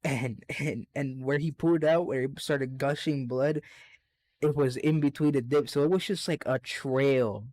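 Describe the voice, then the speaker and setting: A young man co-hosting a podcast, telling a childhood story in an animated, profane way and laughing through it. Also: medium pitch, a little slow, no room sound. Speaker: podcast co-host. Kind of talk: casual storytelling chat.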